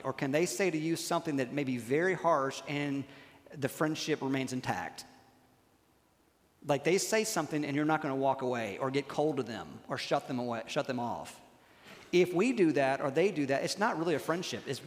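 Conversational pastor preaching in a reverberant church hall. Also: male voice, mid-range voice. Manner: conversational, punctuates with "okay?", slows down to stress key lines. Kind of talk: sermon.

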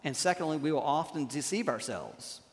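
A man preaching a sermon as a pastor in a church, talking conversationally and checking in with "okay?" and slowing down to hammer key lines. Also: a little high, big pitch swings. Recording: long reverb of a church hall.

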